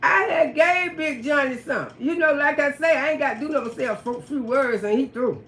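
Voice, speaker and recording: High bright woman storytelling on a live, cussing and laughing, aave, echoey room, little hiss. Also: fairly quick. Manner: profane, animated, laughing often. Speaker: livestream storyteller. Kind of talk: casual storytelling on a livestream.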